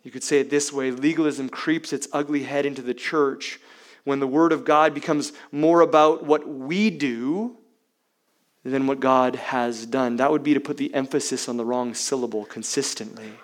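A man's voice: mid-range voice, normal speed. Emphatic male pastor preaching. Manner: emphatic, with dramatic swings between loud and hushed; uses rhetorical questions to the congregation. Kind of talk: sermon.

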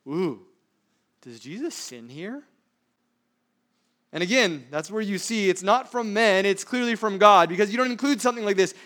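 A pastor with a high voice preaches emphatically, firing off rhetorical questions and swinging between loud stresses and hushed asides.

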